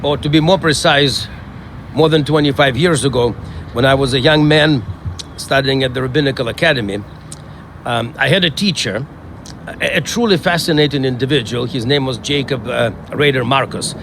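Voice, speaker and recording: A middle-aged male rabbi giving a funeral eulogy, telling stories in a measured way with frequent hesitations. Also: medium pitch, fairly bright tone, a little hiss or hum.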